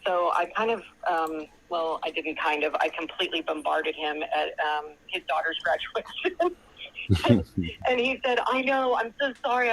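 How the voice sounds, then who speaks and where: A woman's voice: low-pitched, a bit bright, rough recording. Chatty woman caller on the phone. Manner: chatty, storytelling, quotes others at length. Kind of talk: retelling a conversation on a call-in show. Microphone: phone call.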